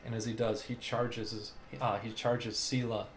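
A man's voice: medium pitch, flat delivery, a little slow. Rambling man running a tabletop game. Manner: rambling narration with many fillers. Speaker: game master. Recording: echoey room, background noise.

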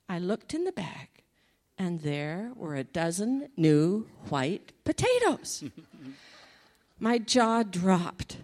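A woman sharing a personal faith testimony in an animated storytelling manner, laughing often. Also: medium pitch, slow pace.

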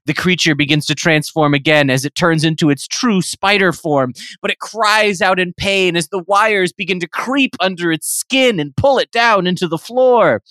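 A man's voice: high-pitched, moderate pace, hardly any pauses, pushed and bright, no echo. A man co-hosting a comedy podcast, narrating an absurd story in a playful way. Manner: playful, breaks into laughter while narrating. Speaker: podcast co-host.

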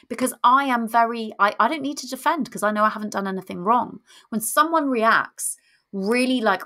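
Frank, bright-voiced woman with vocal fry. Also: a little high, moderate pace. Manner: frank, animated, swears casually. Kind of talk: casual advice talk.

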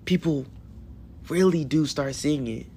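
A man in his twenties hosting a solo podcast in a hotel room, talking in an emotional, affirming way with animated bursts. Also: fairly high pitch, measured pace, a little hiss or hum. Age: 20s. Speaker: podcast host.

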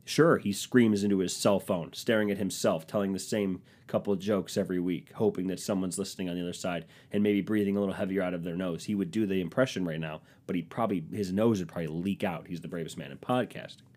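A man in his thirties holds forth alone on his comedy podcast, his voice sitting somewhat low. He rambles and runs himself down, swearing freely, all through a stuffed, runny nose. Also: steady tone, fast talker, few pauses, darkish tone. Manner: rambling, self-deprecating, profane. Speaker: podcast host. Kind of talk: comedic solo podcast monologue.

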